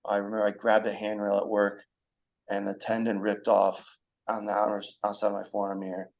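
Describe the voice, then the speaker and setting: A man's voice: on the low side, completely flat delivery, a little fast, creaky, darkish tone. A young man as a podcast guest, talking frankly in a rambling conversational way, with many fillers. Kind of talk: candid conversational storytelling.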